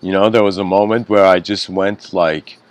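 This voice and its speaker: A man's voice: deep voice, fairly even intonation, normal speed, dry recording. A man giving a spiritual lecture, telling a story in a casual, conversational way with frequent asides.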